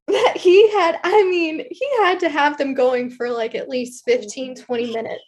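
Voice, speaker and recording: A woman with a Southern US accent telling a school story in a casual chat, animated and chatty with plenty of fillers. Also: high voice, unhurried, hardly any pauses. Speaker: guest storyteller, former intervention specialist.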